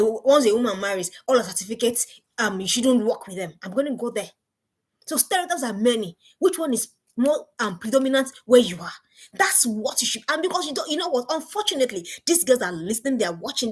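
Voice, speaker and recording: A woman in middle age gives a motivational talk to parents. Her voice sits fairly high and sounds husky. Her pitch rises and falls widely as she presses her points with repeated questions. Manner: emphatic, repeats rhetorical questions. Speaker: parenting speaker.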